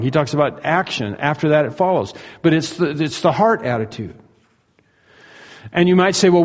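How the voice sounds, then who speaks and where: A man's voice: a little high, a little mellow, big-room sound. A male pastor preaching a sermon in an earnest, emphatic way, asking his listeners rhetorical questions.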